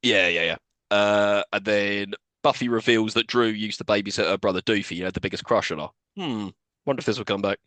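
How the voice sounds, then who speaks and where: A man's voice: on the low side, fairly quick, fairly bright tone, no echo. A man co-hosting a podcast, casually recapping a movie scene by scene, laughing often and swearing freely. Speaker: podcast co-host. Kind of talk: casual film recap chat.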